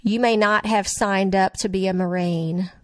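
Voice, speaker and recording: Slow, earnest older woman. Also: medium pitch, fairly even intonation, no echo. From Nashville, Tennessee. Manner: slow, earnest, softly emotional delivery. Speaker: speaker at a religious gathering. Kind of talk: sermon with recited lyrics.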